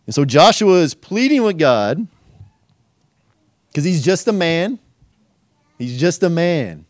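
Man preaching a sermon, lively swinging pitch, slightly high voice, dry close sound, rhetorical questions. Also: no echo. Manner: animated, rhetorical questions, acts out quoted voices. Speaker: pastor and teacher. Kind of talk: verse-by-verse sermon.

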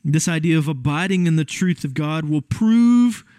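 A man delivers a sermon in a talky, emphatic way, turning to his listeners with quick asides. His voice sits a little high for a man. The recording is dry, with no room sound. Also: lively intonation, warm tone, dry recording. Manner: conversational, emphatic preaching with asides to the congregation. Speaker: pastor.

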